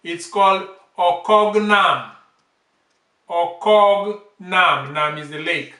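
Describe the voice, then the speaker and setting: High, slow-talking male language teacher. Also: expressive, sharp tone. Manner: repeats each word several times, drops to an aside voice. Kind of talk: slow vocabulary lesson, repeating each word. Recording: echoey room, off-mic.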